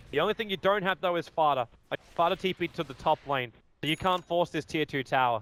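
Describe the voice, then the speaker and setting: A man casting a live esports match, rambling in asides and rising to excited play calls. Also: fairly high pitch, quick pace, few pauses. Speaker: esports commentator.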